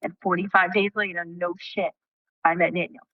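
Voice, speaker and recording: A woman guest in an interview, telling a personal story in an animated way and acting out what people said, with casual swearing. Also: on the low side, normal speed, dry recording, lo-fi sound.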